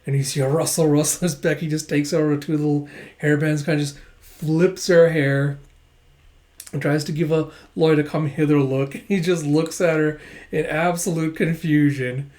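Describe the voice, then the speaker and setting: A man's voice: fairly high pitch, flat delivery, moderate pace, a little mellow. A man casually reading through a manga chapter, laughing often and retelling it with animation. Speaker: manga reader and reviewer.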